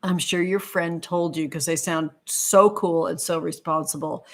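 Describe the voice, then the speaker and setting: A woman runs a casual tarot livestream, reading viewer comments aloud. She gushes and sprinkles pet names everywhere, and her voice sits a touch on the low side. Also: steady tone, unhurried, few pauses. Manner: effusive, gushing, calls viewers sweetheart. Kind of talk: live-stream chat with viewers.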